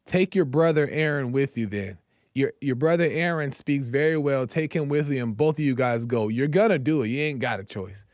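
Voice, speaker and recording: A man doing a slow, solemn God. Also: medium pitch, a little mellow, no echo, close to an everyday voice. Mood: stern. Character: commanding God speaking to Moses.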